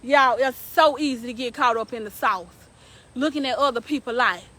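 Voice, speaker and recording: A woman's voice: high voice, normal speed, pushed and bright, rough recording. Fervent woman preaching to her viewers. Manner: emphatic, repetitive, preaching to viewers. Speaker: live-stream host. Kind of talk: preachy motivational live-stream talk.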